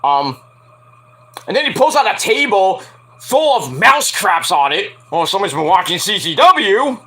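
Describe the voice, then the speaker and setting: A high, lively male voice that swoops all over its range, with a bright, tense edge. He rambles through a wrestling recap, swearing freely and bursting into yelped impressions of the people involved. The delivery is loose and unscripted. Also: a little slow. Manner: profane, rambling, acts out quotes with yelps. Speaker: wrestling review host. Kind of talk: casual solo review.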